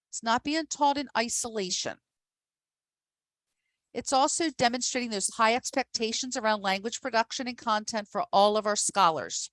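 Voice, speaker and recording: A woman's voice: a little high, animated, normal speed, a bit bright, no room sound. A woman presenting a professional development workshop to teachers, upbeat and emphatic, speaking directly to her audience.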